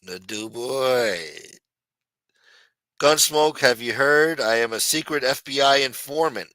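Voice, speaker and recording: Brief: loud-mouthed male stream host, bright tense voice, dry close mic. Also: mid-range voice, takes it slowly, no echo, poor audio. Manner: brash, profane, shouts out chat donors. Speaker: livestream host. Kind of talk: casual livestream chat.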